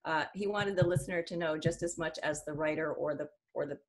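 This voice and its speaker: A middle-aged woman, a singer-songwriter, talking casually in an interview, animated, laughing often and sometimes singing a phrase. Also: low voice, a little fast.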